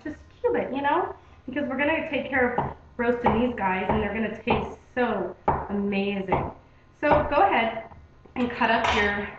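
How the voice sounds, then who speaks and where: Young woman, bright high voice, casual cooking host who keeps checking in with "okay?", taped in a roomy kitchen with faint hiss. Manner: chatty, repeats "okay?" and "guys". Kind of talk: casual home cooking demonstration. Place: home kitchen. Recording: echoey, dull home video recording.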